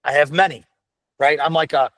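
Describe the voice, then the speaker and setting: A man's voice: on the high side, steady tone, brisk, fairly bright tone, no room sound. A man guest on a casual podcast interview, talking bluntly and profanely, rambling with many restarts. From United States. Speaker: firefighter paramedic guest.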